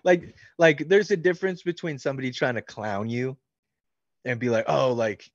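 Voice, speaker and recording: A man's voice: medium pitch, normal speed, dry recording, dull audio. A man in his thirties answering fan questions about his book, rambling casually with plenty of likes and ums. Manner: loose and rambling, many likes and ums, laughs easily. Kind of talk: casual interview chat.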